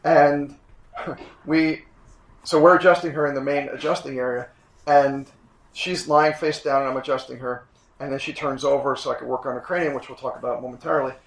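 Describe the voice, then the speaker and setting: A man's voice: mid-range voice, steady tone, a little fast. Emphatic older man lecturing in echoey room. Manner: emphatic, repeats points, clears throat often. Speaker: chiropractic instructor. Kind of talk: classroom lecture. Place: classroom.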